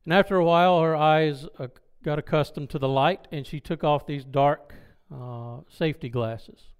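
A man telling a personal story in a sermon, animated and acting out the dialogue. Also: fairly high pitch, moderate pace, clear, resonant tone. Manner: loud when excited. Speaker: preacher.

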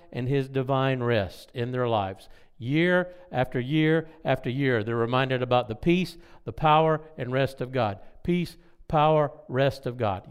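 A man preaching a Bible teaching in an emphatic way, slowing down to stress key words and making asides to his listeners. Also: mid-range voice, clean tone. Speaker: pastor teaching a Bible study. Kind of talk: sermon-style Bible teaching.

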